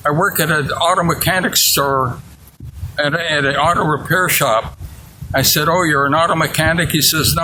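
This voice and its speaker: A man in his eighties from the United States shares a personal memory in an interview, earnest and candid, acting out the dialogue as he recalls it. His voice is mid-range, and there is background noise.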